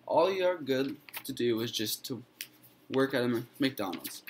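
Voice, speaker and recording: A man's voice: medium pitch, expressive, a little slow, slight background noise, lightly acted. A man voicing a harsh, dismissive schoolteacher in a told story. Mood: scornful.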